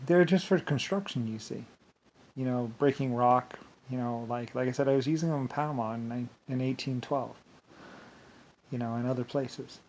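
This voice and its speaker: A man's voice: medium pitch, darkish tone. Man, mid-range voice, meandering vlog monologue, frequent laughs. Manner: meandering, laughs often, keeps saying "anyway". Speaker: vlogger. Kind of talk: rambling monologue.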